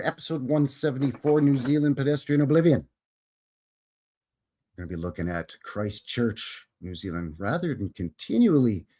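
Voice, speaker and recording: A man's voice: medium pitch, a little mellow. A Canadian man hosting a live stream in a folksy, jokey, casual way. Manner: folksy, jokey, greets viewers by name. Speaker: host.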